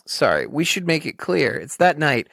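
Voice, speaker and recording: A podcast co-host in a casual chat, animated and joking, laughing often while recapping a show. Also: medium pitch, normal speed, gravelly, no room sound, clean studio sound.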